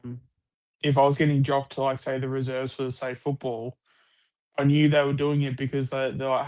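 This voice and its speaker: A man's voice: medium pitch, flat delivery, moderate pace, a little mellow. An Australian man chatting casually about sport on a live stream, rambling with lots of restarts and the odd swear word.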